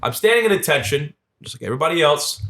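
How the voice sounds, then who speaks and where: A man, telling lively stories as a podcast guest and acting out the voices of the people in them. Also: a little high, fast talker. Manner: animated storyteller, acts out quoted voices. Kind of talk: casual storytelling interview.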